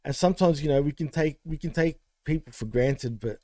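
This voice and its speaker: Heartfelt rambling man, mellow voice. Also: a little high, brisk, no room sound. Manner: heartfelt, rambling, many fillers. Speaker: podcast co-host. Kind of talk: casual podcast tribute.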